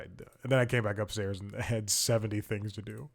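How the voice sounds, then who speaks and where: A man's voice: lowish voice, fast, vocal fry. A man hosting a comedy podcast. He talks in a casual, rambling monologue, mocks himself, and chuckles between sentences.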